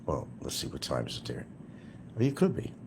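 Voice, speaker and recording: A man's voice: a bass voice, huge pitch swings, brisk, creaky, a little mellow, a little hiss or hum. A man giving a sarcastic ranting commentary as a YouTube commentator, hammering points through repetition.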